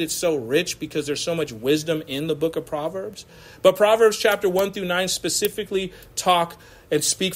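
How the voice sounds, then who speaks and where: High-voiced, animated male preacher. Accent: American. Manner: animated, casual preaching with slang and laughter. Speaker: pastor. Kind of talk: sermon. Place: church.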